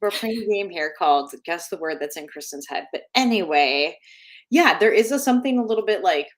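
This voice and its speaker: A woman co-hosting a casual live-stream chat, chatty and thinking out loud. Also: on the low side, lively intonation, fairly quick. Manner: chatty, searches for words aloud, uses fillers. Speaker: co-host.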